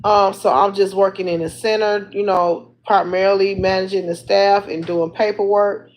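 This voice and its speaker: A woman's voice: medium pitch, steady tone, moderate pace, rough recording. A woman chatting casually to her livestream viewers, rambling along and laughing often, talking into a phone. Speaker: livestream host.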